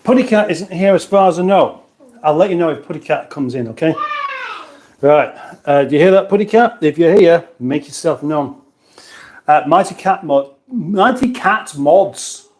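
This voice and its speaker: A man's voice: fairly high pitch, expressive, normal speed, darkish tone. A British man chats through his livestream in a slightly raised voice, reading out viewer comments as he goes. His talk rambles, full of restarts and side remarks. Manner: rambling, chatty, with many restarts and asides. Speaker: livestream host.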